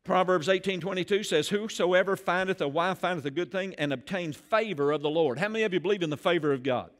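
A man preaching a sermon as pastor in a church, animated and rising loud on key phrases. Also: high voice, fast talker. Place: church sanctuary.

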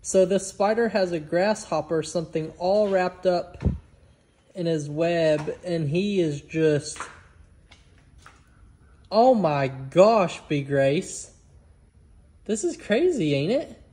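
A man vlogging outdoors on his farm, chatty and excitable as he coaxes his animals. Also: high-pitched, slow, pauses often, a little hiss or hum. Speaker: homestead vlogger. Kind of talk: casual vlog chat.

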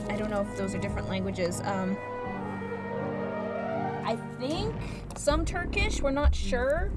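A young woman from the United States chatting casually and rambling while streaming a game. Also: medium pitch. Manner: rambling, chatty, frequent fillers. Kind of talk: casual live-stream chat.

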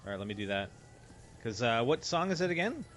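A man's voice: mid-range voice, very animated, brisk, fairly bright tone, slight background noise. A man hosting a casual co-op zombie game session, chatty and jokey, thinking aloud as he plays. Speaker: gameplay host. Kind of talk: casual gaming chat.

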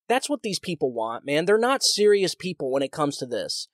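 A man hosts his own solo podcast, talking in a worked-up, ranting way and often restarting his sentences. His voice sits somewhat high for a man. The sound is dry and close, with no room echo. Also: very animated, moderate pace, hardly any pauses. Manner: heated, ranting, repetitive restarts. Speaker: podcast host. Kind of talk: solo political commentary podcast.

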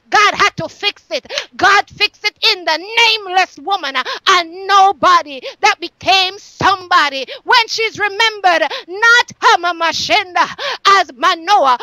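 Fervent high-voiced woman preacher. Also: dry recording, poor audio. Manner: fervent, repeats yes and hallelujah, swings from shouting to hushed. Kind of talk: sermon.

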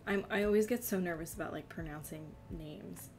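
A woman's voice: lowish voice, brisk, noisy background. A young woman from New Jersey with a slight New Jersey accent, chatting casually with her stream chat, giggly and self-deprecating.

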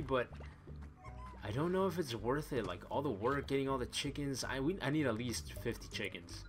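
A man doing excitable, chatty commentary as he plays a video game, thinking aloud and exclaiming often. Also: mid-range voice, moderate pace. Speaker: let's play gamer. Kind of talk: live gaming commentary. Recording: voice over loud game music. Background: game music.

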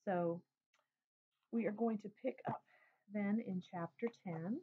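A woman reading a novel aloud in a plain, unhurried way. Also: medium pitch, slightly rough. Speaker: reader. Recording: tinny phone-like sound.

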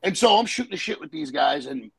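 Gravelly New man telling a story. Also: a little high, big pitch swings, a little fast, fairly bright tone, poor audio. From New York. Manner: profane, acts out the other people in his stories. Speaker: guest. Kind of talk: casual storytelling.

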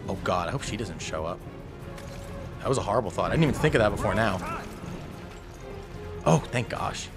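Excitable man yelping through a game. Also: fairly low pitch, fairly quick, long pauses, over music. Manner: excitable, panicky, talks to himself, yelps and cheers. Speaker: gameplay streamer. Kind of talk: live gameplay commentary.

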